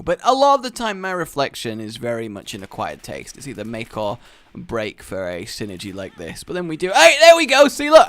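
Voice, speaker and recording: A man giving casual, excitable commentary over gameplay, breaking into loud delighted exclamations. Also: medium pitch. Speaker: gaming YouTuber.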